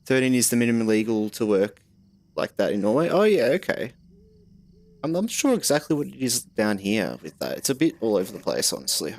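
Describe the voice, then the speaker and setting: A man's voice: mid-range voice, sing-song, fairly quick, darkish tone, no echo. A young man chatting casually while streaming a game, rambling and answering chat.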